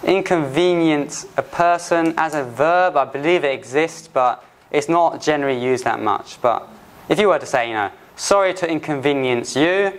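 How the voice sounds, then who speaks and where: Patient man teaching English phrases. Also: mid-range voice. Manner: patient, repeats phrases slowly with many restarts. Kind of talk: explaining phrases to learners. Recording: faint background noise.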